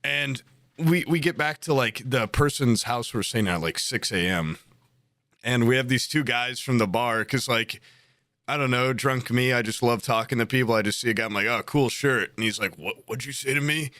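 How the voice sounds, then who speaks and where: A man's voice: mid-range voice, normal speed, fairly bright tone, dry recording, clean studio sound. A man in his twenties telling a long, rambling story on a casual podcast, full of fillers and acted-out quotes. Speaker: podcast co-host.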